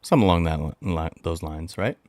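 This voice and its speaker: A man hosting a casual livestream chat, talking to his viewers in a playful, animated way. He blows kisses into the mic, repeats lines for emphasis and refers to himself in the third person. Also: deep voice, fast, dry recording. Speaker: livestream host.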